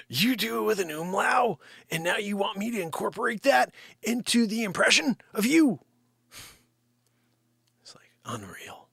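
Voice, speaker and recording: A man's voice: high voice, big pitch swings, slow pace, vocal fry, long pauses, bright, forceful tone, breathy edge, no echo. A man hosting a live stream, rambling through an improvised comic monologue, bickering with an off-screen partner and dropping into muttered, whispered asides.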